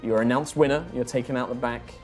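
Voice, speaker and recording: A man's voice: mid-range voice, fast talker, faint music behind. A man narrating as game master of a tabletop game, laughing as he describes the action. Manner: laughing, animated storytelling.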